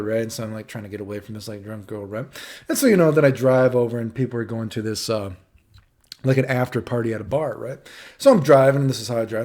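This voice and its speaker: A man's voice: medium pitch, fast, darkish tone. A young man telling a rambling, profane storytime monologue, tagging lines with "right?". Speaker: vlogger.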